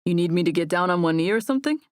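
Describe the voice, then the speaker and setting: A woman's voice: on the low side, expressive, racing, no room sound, natural voice. A woman playing a laid-back teasing young man. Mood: joking. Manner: dry, matter-of-fact teasing.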